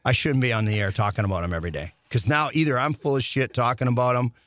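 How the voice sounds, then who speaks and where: A man's voice: medium pitch, fast talker, a bit bright, no echo. A middle-aged man, a former hockey player, telling long stories in a casual chat, restarting sentences often and acting out dialogue. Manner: rambling with many restarts, acts out quoted dialogue.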